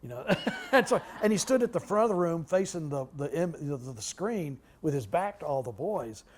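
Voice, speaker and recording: A man in his sixties, a guest speaker, tells stories at a public talk in a halting way, full of restarts and asides. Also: a little high, sing-song, a little hiss or hum. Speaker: guest speaker, retired library director. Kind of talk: anecdotal storytelling at a public talk.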